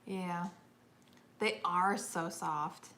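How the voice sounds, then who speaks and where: Drawing out her words in a lowish, sharp-toned voice, this middle-aged Georgia-accented livestream host from Northeast Georgia reads viewer comments. She's chatty and laughs a lot, and there's a little hiss or hum in the audio.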